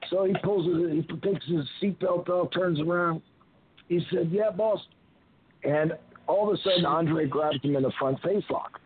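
An older man with a voice on the high side, a retired wrestler, speaks at normal speed as a guest in a phone interview. He tells rambling anecdotes and often restarts his sentences, heard over a tinny phone line with slight background noise.

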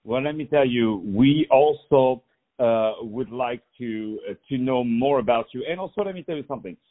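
A man's voice: medium pitch, normal speed, phone-quality sound. A man hosting a radio interview, effusive and full of repeated praise. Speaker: radio host. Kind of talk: enthusiastic interview.

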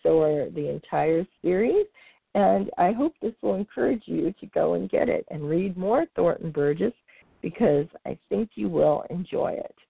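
A woman reads a children's animal story aloud, her pitch leaping and falling with lively expression. Her voice is raspy and gravelly, recorded dry and tinny, like a phone line. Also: moderate pace, no room sound. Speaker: podcast host reading aloud.

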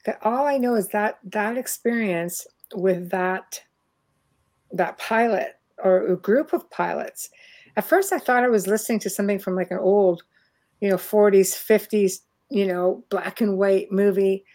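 A woman's voice: mid-range voice, unhurried, a little mellow. Chatty Canadian woman on a video call. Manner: chatty, laughs often. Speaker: host. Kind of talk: casual chat on a video call.

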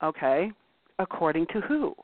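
A woman hosting a casual talk show, blunt and animated, swearing freely and acting out quotes. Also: fairly low pitch, moderate pace, no echo. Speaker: podcast host. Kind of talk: casual chat. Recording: tinny phone-like line, dry.

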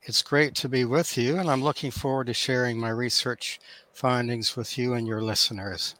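An older man in his seventies speaks with an accent that sits between Canadian and Australian, at a middle pitch. He answers in a measured, formal manner. The sound is dry and close. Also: steady tone, fairly bright tone, no room sound. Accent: mixed Canadian and Australian. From Thunder Bay, Canada. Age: 70s. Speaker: guest author. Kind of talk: interview answers.

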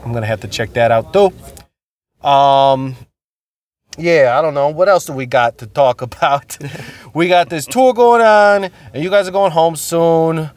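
A man's voice: a little high, unhurried. A man hosting a podcast in casual chat, laid-back, swearing freely and laughing often. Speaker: podcast host.

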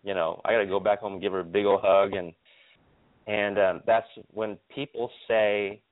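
A man from Stockton, California, a guest optometrist telling stories in an animated way, repeating words and using lots of fillers. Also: fairly low pitch, moderate pace. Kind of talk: casual interview storytelling. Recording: tinny phone line.

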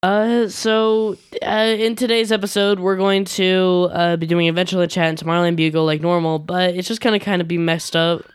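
A man's voice: high voice, level tone, fairly quick, hardly any pauses, smooth, no room sound. A teenage man hosting a casual home podcast, hesitant and prone to restarts and laughter. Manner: hesitant, lots of fillers and restarts, laughs often. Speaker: podcast host. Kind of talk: casual chat. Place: home basement.

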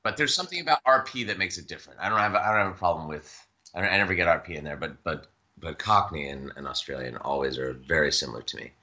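A man with a very low voice that still rings bright and forward. He talks casually about his craft as a guest, pausing, restarting and circling back as he works out his thoughts. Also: animated, highs cut off. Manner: thoughtful, halting with many restarts and fillers. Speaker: voice actor guest. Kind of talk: casual interview chat.

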